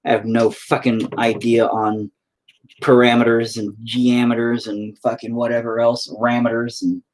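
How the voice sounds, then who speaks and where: A man's voice: mid-range voice, level tone, normal speed. Give me a profane, self-deprecating man rambling casually to his stream viewers as he paints. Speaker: livestreaming painter reading chat.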